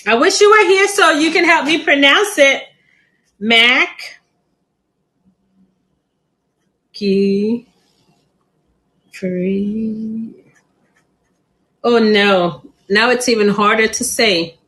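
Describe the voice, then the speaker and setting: A woman's voice: sits high, normal speed, hardly any pauses, pushed and bright, rough recording. A middle-aged woman hosting a live plant sale stream, chatty and laughing often.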